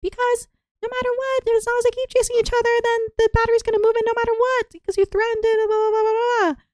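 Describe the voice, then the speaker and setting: Woman putting on a squeaky eager kid. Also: level tone, quick pace, darkish tone, no echo, distant mic. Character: eager young child student reciting an answer.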